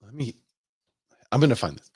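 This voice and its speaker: A man's voice: mid-range voice, big pitch swings, normal speed, a little mellow, slightly rough, no room sound, studio quality. A man who works as a real estate agent, hosting a casual live stream and thinking aloud as he asks viewers for their opinions.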